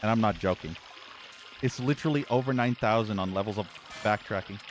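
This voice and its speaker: A man's voice: fairly low pitch, brisk, a little hiss or hum. A man doing let's play commentary, ranting at the game with a profane, exasperated edge. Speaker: gaming channel host.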